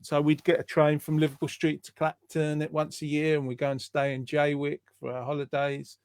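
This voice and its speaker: A man's voice: on the high side, monotone, brisk, clean tone, no room sound. Male host, rambling friendly chatter, dry video call mic. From England. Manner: warm, rambling, chatty with fillers. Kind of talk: casual online group chat.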